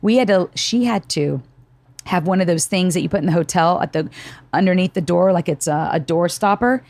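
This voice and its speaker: Slightly fast and lowish in pitch, this middle-aged podcast host tells stories in casual conversation, performing the quotes and dropping some curse words. The recording has no echo.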